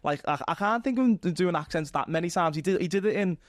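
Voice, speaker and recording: A man with a North Liverpool accent interviewing a guest in a relaxed, chatty way, agreeing often and asking loose questions. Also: high voice, fast talker, dry recording, clean studio sound. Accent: North Liverpool (Scouse). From North Liverpool, England. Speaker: interviewer, local journalist. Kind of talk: casual interview chat.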